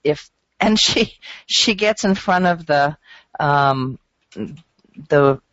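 Woman, animated, emphatic, incredulous, dry muffled radio sound. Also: deep voice, takes it slowly, no room sound. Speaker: radio show regular who works with traders. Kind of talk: casual radio talk.

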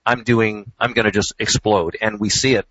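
A man talking in a measured, reflective and candid way as a regular on a radio show. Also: fairly low pitch, steady tone, fairly bright tone, breathy edge, no echo. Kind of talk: casual radio talk. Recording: dull, dry radio sound.

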